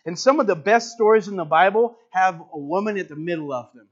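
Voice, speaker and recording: A man preaching a sermon to a congregation, emphatic, rising loud and then dropping soft. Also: high-pitched, fairly quick, highs cut off.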